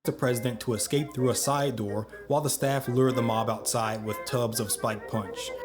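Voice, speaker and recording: A man's voice: mid-range voice, fairly even intonation, normal speed. A man giving scripted history narration, with wry joking asides. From United States. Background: background music.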